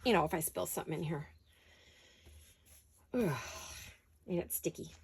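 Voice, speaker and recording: A woman's voice: on the low side, moderate pace, a little mellow, breathy edge. A woman hosting a craft-along from her home studio, chatting and talking to herself in a rambling, playful way. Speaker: crafting channel host.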